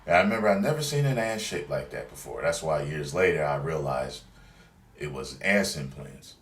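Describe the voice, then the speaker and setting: A man's voice: a bass voice, animated, normal speed. A young man vlogging, telling a story in a laid-back, profane, chatty way. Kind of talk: casual storytelling. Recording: roomy sound, distant from mic.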